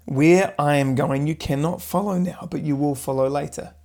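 A man co-hosting a podcast, reading scripture aloud at a steady pace between short agreeing remarks. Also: a little high, moderate pace, gravelly. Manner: reads steadily, brief agreeing interjections. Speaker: podcast co-host. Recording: voice from far off the mic.

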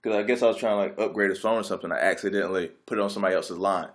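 Laid-back young man with a low voice. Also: very fast. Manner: rambling, laid-back, many "like" fillers. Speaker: vlogger. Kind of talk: casual storytelling.

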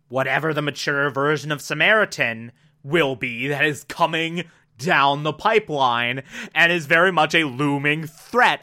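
A speaker recapping a TV episode in a casual, gushing way, breaking into excited outbursts. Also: medium pitch.

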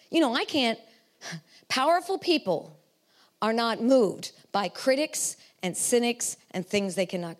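A woman preaching a sermon and leading a prayer, driving points home with rhetorical questions. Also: medium pitch.

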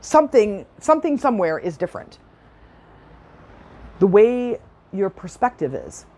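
A woman's voice: medium pitch, very animated, measured pace, a little mellow. Middle-aged woman, self-help speaker, chatty and enthusiastic, laughs easily. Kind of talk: personal storytelling talk.

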